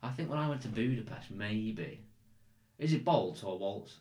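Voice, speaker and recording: Guest, English man, low voice, blunt and sweary, roomy sound. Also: expressive, moderate pace, a little mellow. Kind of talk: casual chat.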